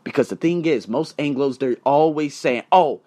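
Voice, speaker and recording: A man with a medium-pitched voice hosts his podcast at a moderate pace, recounting personal stories as casual motivation, alternating between loud emphasis and softer asides.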